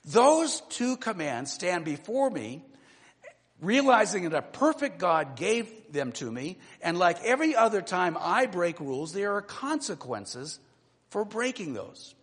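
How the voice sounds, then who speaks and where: A man in his sixties preaching a sermon, telling a personal story that moves between animated and low, quiet passages. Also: measured pace, breathy edge, big-room sound. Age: 60s. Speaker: pastor.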